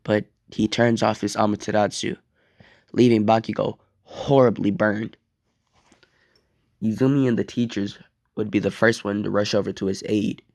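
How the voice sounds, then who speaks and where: A young man rambles through an improvised fan-fiction story, casual and profane. His voice sits lowish and has a gravelly edge. The sound is close and dry. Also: little pitch movement, moderate pace, darkish tone, dry recording.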